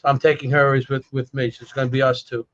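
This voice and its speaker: A middle-aged man talks in a loose, rambling way, circling back over his own words and dropping the odd swear word. His voice sits in a middle pitch. The sound is dull and lo-fi. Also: flat delivery, fast talker. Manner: rambling, repeats himself, swears casually. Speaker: co-host. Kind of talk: casual chat.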